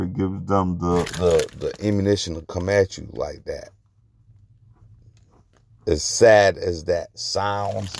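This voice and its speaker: A man giving a personal testimony in unscripted talk, earnest and halting, often restarting and repeating words. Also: sits low, gravelly, darkish tone, slight background noise.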